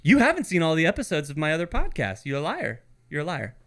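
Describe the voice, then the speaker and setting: Guy cohost joking around, very lively pitch, bright sound, crude banter. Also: fast. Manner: crude, teasing, laughs often. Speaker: podcast co-host. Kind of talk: casual chat, banter.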